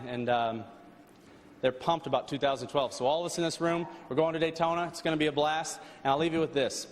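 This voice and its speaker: Race driver guy thanking everyone at a banquet, earnest, stumbles a lot, big echoey hall. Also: a little high. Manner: earnest, halting, with frequent restarts and fillers. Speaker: race car driver giving an awards speech. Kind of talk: heartfelt thank-you speech. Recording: long hall reverb, faint background noise.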